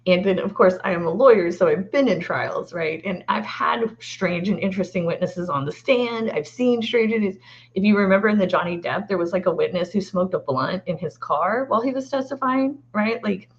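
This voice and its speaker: A woman who is a lawyer, chatting as a guest in an excitable, animated way and laughing often. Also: medium pitch, moderate pace. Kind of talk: casual chat. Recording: dull lo-fi sound.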